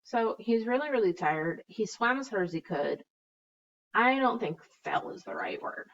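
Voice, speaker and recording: A woman's voice: a little high, expressive, moderate pace, lo-fi sound, slight background noise. A woman teacher walking a class through revising a story, reading drafts aloud, spelling words out letter by letter and chatting playfully as she goes.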